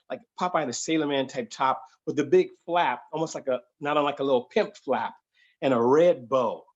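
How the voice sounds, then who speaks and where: A man telling a funny true story to an audience, animated and conversational, slipping into voices. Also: mid-range voice, moderate pace. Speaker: solo performer and storyteller. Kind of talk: comedic live-streamed storytelling.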